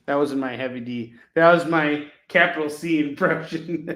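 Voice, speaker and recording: Jokey man hawking comics, slightly high voice. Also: unhurried, a bit bright, roomy sound. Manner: jokey, rambling, laughs at his own jokes. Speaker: live-stream comic seller and host. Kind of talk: casual live shopping stream.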